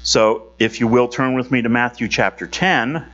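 A man's voice: mid-range voice, moderate pace, a bit bright, dull audio. A man teaching a Bible study lesson in a conversational way, with fillers and self-corrections.

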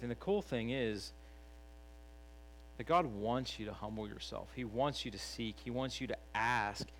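A middle-aged man delivers a sermon in an earnest, conversational tone. He talks plainly, like he is chatting with the congregation, and lifts his voice to stress key points. His pitch sits in an ordinary middle range, with a faint hum behind him. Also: low-quality recording. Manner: earnest, conversational preaching with emphatic rises. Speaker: preacher.

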